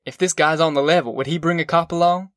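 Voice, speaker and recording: Man doing a defiant migrant worker, blunt, challenging, voice a little high, dry close read. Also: steady tone, fast, a bit bright, no room sound, close to an everyday voice. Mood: indignant.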